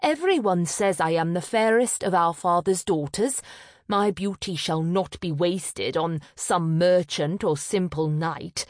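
A woman's voice: fairly low pitch, unhurried, dry recording, studio quality, lightly acted. A woman voicing a proud, vain eldest sister who speaks sharply and impatiently.

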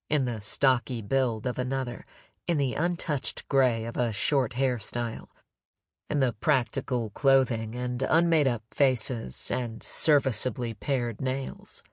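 Male narrator, audiobook, middle pitch, measured, even, dry close mic. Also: no room sound. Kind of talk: scripted novel narration.

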